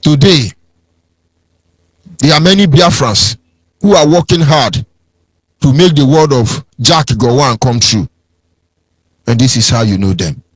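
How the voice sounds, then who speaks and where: A man's voice: mid-range voice, animated, unhurried, pauses often, husky, no echo. A man with a Nigerian accent giving an impassioned, preachy political talk on radio, swinging into sing-song mockery. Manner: preachy, sing-song, mocking impressions of others. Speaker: radio broadcast speaker.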